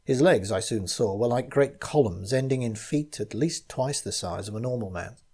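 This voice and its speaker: A man reading his own gothic mystery story aloud, in measured first-person narration. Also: medium pitch, darkish tone, breathy edge.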